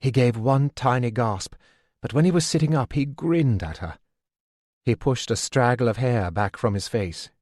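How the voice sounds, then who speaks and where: Male audiobook narrator, mid-pitched, measured and steady; dead-dry close studio read. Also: no echo. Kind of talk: scripted narration.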